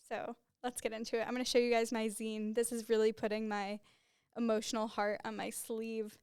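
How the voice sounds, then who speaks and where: A young woman in her twenties hosts a relaxed solo podcast, talking in a rambling, openly emotional way. Her voice sits a little high, smooth and clear, and it is close to the mic in a dry, dead small studio. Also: brisk, dry recording. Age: 20s. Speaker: podcast host. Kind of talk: casual solo podcast chat. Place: small studio room with a white backdrop. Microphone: podcast microphone.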